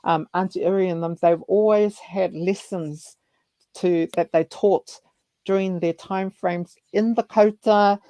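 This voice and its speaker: Host, New Zealand male, animated storyteller, dry recording. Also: high-pitched, a little slow, no echo, rough recording. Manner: animated storyteller who acts out elders' voices. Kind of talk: casual chat.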